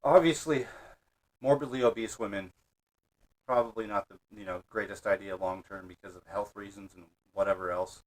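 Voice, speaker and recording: Low-voiced man rambling with crude jokes. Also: fairly even intonation, moderate pace, poor audio. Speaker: co-host of a reaction show. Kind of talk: reaction commentary.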